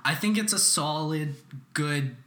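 A young man co-hosting a podcast, chatting casually, animated and swearing freely as he acts out scenes. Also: on the high side, measured pace. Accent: Canadian. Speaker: podcast co-host. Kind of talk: casual chat.

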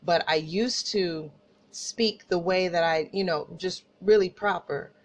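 A woman podcast host from Tulsa with an Oklahoma country accent, telling personal stories in a casual, animated way and talking straight to listeners. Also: fairly low pitch, a little slow, a little hiss or hum. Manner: animated, laughing asides, addresses listeners as y'all.

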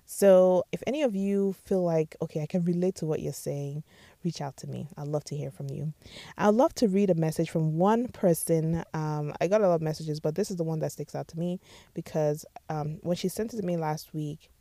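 A woman's voice: sits low, moderate pace, mellow, no room sound. A woman hosting a podcast, giving casual advice in a chatty way and often checking in with "all right?". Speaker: podcast host.

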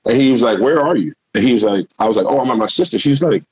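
A middle-aged man, a guest and former football player, telling a rambling, animated story in casual talk and swearing freely. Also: mid-range voice, very fast, few pauses, slightly rough, dry recording, poor audio.

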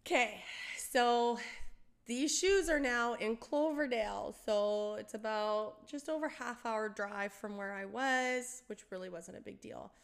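A middle-aged woman spinning a personal story in a relaxed podcast chat. Her voice sits a little high, and she is animated, slipping into quoted voices, laughing easily and swearing casually. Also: measured pace, gravelly.

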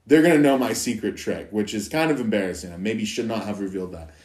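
A man hosting a casual podcast chat, animated and jokey, often slipping into silly voices. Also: fairly low pitch, fast, crowd noise. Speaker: podcast host. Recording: roomy echo.

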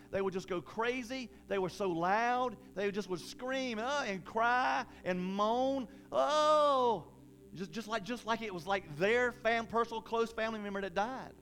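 High-voiced man preaching a lively sermon. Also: moderate pace, hardly any pauses, slight background noise. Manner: animated, conversational preaching with bursts of emphasis; folksy, casual phrasing.

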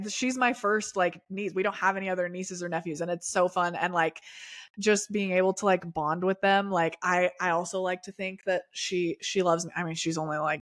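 A woman's voice: fairly low pitch, fairly bright tone. A young woman co-hosting a podcast, bubbly and enthusiastic in casual chat. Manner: bubbly, enthusiastic, laughs often. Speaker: podcast co-host.

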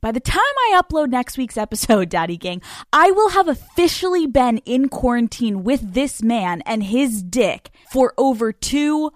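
A fairly high-voiced woman in her twenties hosts her podcast with brash, profane, self-mocking storytelling. Her voice sits close and dry on the microphone, with no room around it. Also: sing-song, a little slow, no room sound. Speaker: podcast host. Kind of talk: casual comic monologue. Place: hotel room. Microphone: studio microphone.

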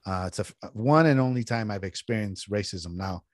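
A middle-aged man from California chatting casually as a podcast host, telling stories with big swings in pitch and cursing when annoyed. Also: a little fast, no echo, studio quality. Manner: animated storyteller, swears freely, jumps in pitch when riled up. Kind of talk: casual chat.

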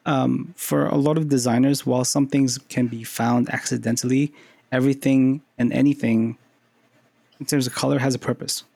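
Gravelly-voiced man on a podcast. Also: mid-range voice, steady tone, dark tone, dry recording. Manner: halting, full of "uh". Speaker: podcast co-host. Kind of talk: casual podcast chat.

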